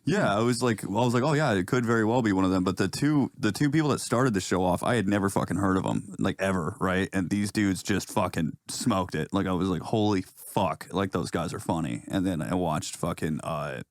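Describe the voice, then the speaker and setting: A young man with a lowish voice rambles through podcast chat, swearing freely and running himself down. The sound is dry and close. He talks loosely and casually. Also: fairly quick, few pauses, dry recording. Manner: rambling, profane, self-deprecating. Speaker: comedian podcast co-host.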